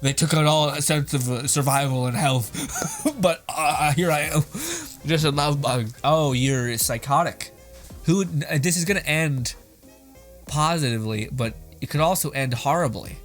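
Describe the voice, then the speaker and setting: A man's voice: a little high, a little slow, faint music behind. A young man hosting, giving casual, rambling reaction commentary with frequent laughter and plenty of swearing. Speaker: host reacting to videos.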